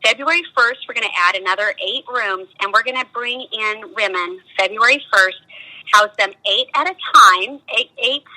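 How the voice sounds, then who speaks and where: A woman's voice: on the high side, moderate pace, pushed and bright, low-quality recording. A middle-aged woman telling her life story as an interview guest, earnest and emphatic, often repeating words as she talks. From United States. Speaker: nonprofit founder, interview guest. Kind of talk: conversational testimony.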